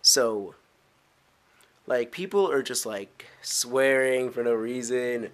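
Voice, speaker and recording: Teenage boy, casual vlog ramble, lots of "like"s, giggly asides, middle pitch. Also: slow pace. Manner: rambling with many filler "like"s and restarts. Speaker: vlogger.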